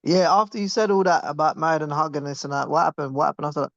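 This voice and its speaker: A young British man hosting a casual group call, brisk and prompting, now and then mimicking other people. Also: fairly high pitch, gravelly, fairly bright tone, no echo. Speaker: class host. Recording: dull lo-fi audio.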